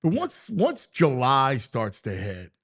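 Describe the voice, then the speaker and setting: Animated, lively-pitched male sports host. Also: slow, husky. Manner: animated, stop-start questioning with many restarts. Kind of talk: casual sit-down interview.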